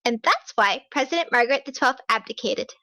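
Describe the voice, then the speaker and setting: A woman voicing an eager, excitable teenage schoolgirl who talks in a bubbly rush. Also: on the high side, fairly quick, no echo. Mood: excited. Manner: bubbly, overeager.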